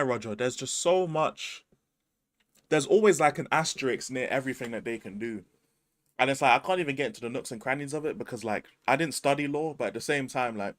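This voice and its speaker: A man's voice: mid-range voice, no echo. A man with a London accent hosting a casual livestream chat, laid-back and slangy, swearing often. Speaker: streamer host.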